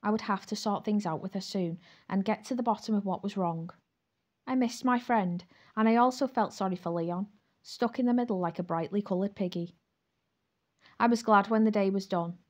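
A woman narrating a first-person romance audiobook in a lively, frank voice. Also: medium pitch, moderate pace.

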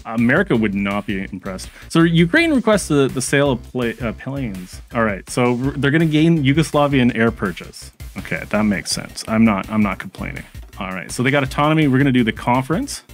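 A man's voice: medium pitch, sing-song, fairly quick, soft background music. A man casually commenting on his strategy game stream, chatting with viewers and reacting as he goes, with frequent fillers and restarts.

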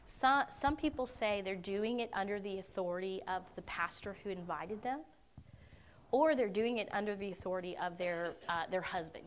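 A woman's voice: mid-range voice, slight background noise. Earnest woman answering conference questions. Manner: earnest, checks in with "okay?" often. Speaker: conference speaker. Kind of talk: Q&A teaching talk. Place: university conference room.

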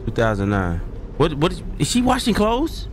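A man's voice: a little high, wildly swooping pitch, normal speed, slight background noise. A young man streaming a horror game, jumpy and exclaiming as he talks to his chat. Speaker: gaming streamer. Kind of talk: live horror game commentary.

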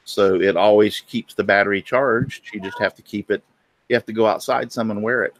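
A middle-aged man with a fairly low, steady voice talks a little fast as he hosts a casual chat. He tells folksy stories, acting out the voices in his anecdotes.

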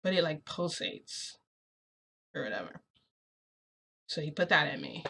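A young woman casually telling a story as a vlogger, chatty and excitable, often saying "freaking". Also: deep voice, measured pace, a little hiss or hum.

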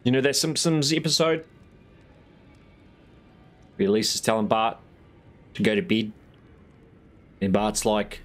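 A man's voice: on the low side, slow pace, pauses often, faint music behind. A man with a New Zealand accent streaming a game late at night, chatting casually, teasing his viewers and swearing freely. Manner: laid-back, swears freely, teases his chat.

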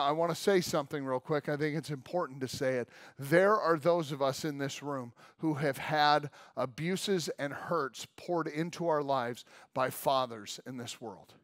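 A male pastor delivers a sermon in an easygoing, conversational way, punching key words loudly and then dropping low and soft. His voice sits a little high for a man. The recording is dry, with little room sound. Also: no room sound. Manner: conversational and emphatic, leaning on "like" and sudden swings from loud to soft. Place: church service room.

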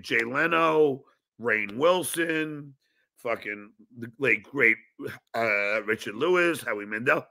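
A man's voice: mid-range voice, gravelly, bright, forceful tone. A middle-aged man hosting a podcast, talking in a profane, combative way and ranting about a rival. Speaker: podcast host. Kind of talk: casual podcast chat.

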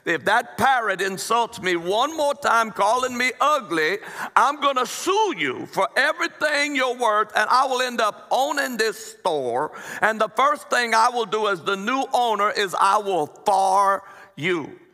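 An indignant Cajun lady drawls out every word of her threat, as a man puts her on for the congregation. She speaks slowly and emphatically with a raised, bright voice. The sound carries a long reverb from a church hall. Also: sits high, lively intonation, voice pushed up, heavily acted. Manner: slow, emphatic and scolding. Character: indignant middle-aged Cajun woman shopper.

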